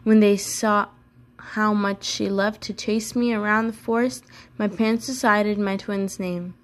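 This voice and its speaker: A woman's voice: medium pitch, fairly even intonation, unhurried. Woman reading a children's book aloud, casual, chatty asides, self-corrections. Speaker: book reader.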